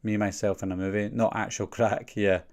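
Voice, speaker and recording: A man's voice: fairly low pitch, flat delivery, brisk, darkish tone. A young man with a Glaswegian Scottish accent, hosting a casual live-stream Q&A and rambling through viewer questions with many fillers. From Scotland. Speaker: channel host.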